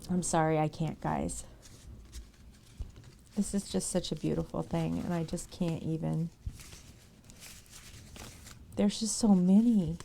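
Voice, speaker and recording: A woman's voice: deep voice, steady tone, takes it slowly, creaky, pauses often, mellow, a little hiss or hum. A woman live streamer chatting casually with her viewers, emotional and sentimental.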